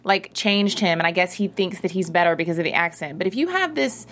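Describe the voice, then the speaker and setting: Female panelist, dry facetious humor, relaxed chat. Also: fairly low pitch, a little fast, a little hiss or hum. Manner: wry, facetious.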